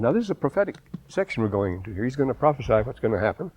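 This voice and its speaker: A man's voice: mid-range voice, sing-song, rapid-fire, darkish tone, dry recording. A man giving a scripture lecture in a wry, digressive way, often restarting his sentences and quoting old texts. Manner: digressive, wry, quotes German and Shakespeare freely; frequent restarts and repeated words.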